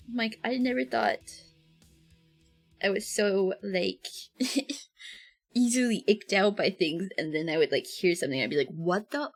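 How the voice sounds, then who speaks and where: Soft background music plays under this poor-quality recording of a young female art streamer chatting as she draws. Her voice sits at medium pitch and moves a little slowly, with long pauses, lots of fillers, giggles and squealed reactions.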